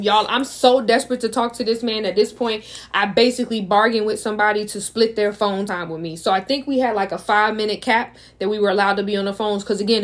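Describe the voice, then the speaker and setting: A young adult woman from the United States, telling a dramatic storytime in a chatty way and talking straight to her viewers. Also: mid-range voice. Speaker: vlogger. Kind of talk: casual storytime.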